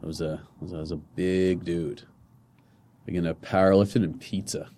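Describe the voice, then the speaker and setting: A young man with a low voice talks casually as a podcast guest in a studio. He keeps circling back with fillers and restarts, loose and unhurried. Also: steady tone, mellow. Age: 20s. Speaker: guest comedian and personal trainer.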